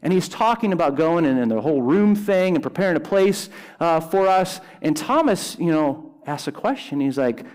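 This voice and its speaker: A man preaching a sermon in a casual, animated way, slipping in everyday slang as he talks. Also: a little high, normal speed. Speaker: pastor. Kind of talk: conversational sermon.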